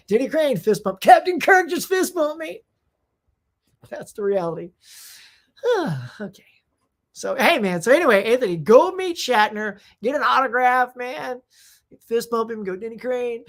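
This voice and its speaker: A woman hosting a casual live-stream show, reading out viewer comments and answering them in an excitable, rambling, slangy way. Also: mid-range voice. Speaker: host of a live movie chat show.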